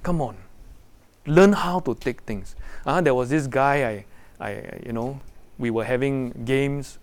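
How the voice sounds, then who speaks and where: A man preaching a sermon to young people, animated and full of rhetorical questions. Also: mid-range voice, a little slow. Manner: animated, rhetorical questions, acts out quoted voices.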